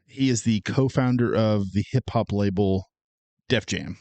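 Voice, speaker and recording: A man co-hosting a film podcast, going through his notes in a measured, matter-of-fact way. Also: lowish voice, mellow, no echo. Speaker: podcast co-host. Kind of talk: casual chat.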